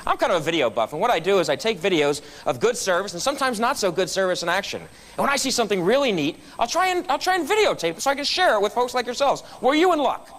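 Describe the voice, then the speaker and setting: Club guest speaker, male, light high voice, story-driven and comic. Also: a bit bright, slight background noise. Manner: storytelling with punchlines. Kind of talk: humorous motivational speech. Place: meeting room.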